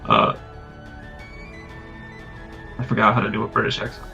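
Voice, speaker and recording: A man narrating as game master in a relaxed, filler-heavy way, in a lo-fi recording with faint music. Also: fairly low pitch, normal speed, gravelly.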